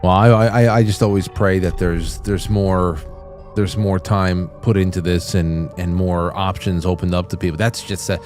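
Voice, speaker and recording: A man in casual conversation who speaks haltingly and restarts his phrases. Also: deep voice, fairly even intonation, a little mellow. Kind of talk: casual chat. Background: guitar music.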